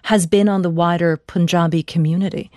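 A woman's voice: lowish voice, fairly even intonation, warm tone, dry recording, clean studio sound. Woman host guiding a discussion. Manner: halting, with repeated restarts. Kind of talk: radio discussion moderation.

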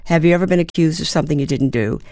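A woman's voice: low-pitched, very fast, darkish tone, no room sound. Older woman guest, storyteller, fillers and restarts, dry sound. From US (Baltimore). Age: 70s. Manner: reflective storyteller, hums rhythms, hesitant fillers. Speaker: guest, actor and playwright. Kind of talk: conversational interview.

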